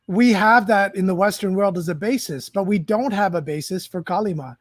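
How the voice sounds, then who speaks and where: A man's voice: high voice, dry recording, clean studio sound. Reflective man hosting a film chat. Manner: measured, reflective, searching for words.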